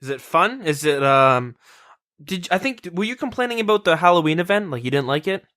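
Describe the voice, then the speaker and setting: A man's voice: fairly high pitch, sing-song, brisk, bright, forceful tone, no echo, studio quality. A young man co-hosting a gaming podcast, joking, swearing freely and asking questions. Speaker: podcast co-host. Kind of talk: casual gaming chat.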